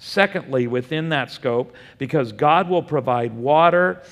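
A pastor teaches a Bible study sermon, posing questions to the room and answering them himself. His voice is on the high side at a measured pace, with the long reverb of a hall.

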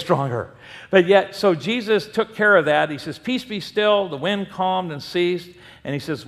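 High-voiced pastor man preaching in a reverberant hall. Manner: animated storytelling, acting out voices. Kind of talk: sermon.

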